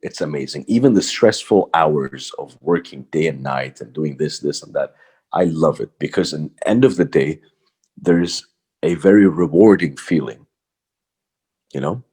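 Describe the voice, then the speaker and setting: Man, very deep voice, raspy texture, from Bahrain, podcast guest, thoughtful, hesitant fillers. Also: darkish tone. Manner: reflective, unhurried, many fillers and restarts. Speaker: voice-over artist, podcast guest. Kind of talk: casual interview talk.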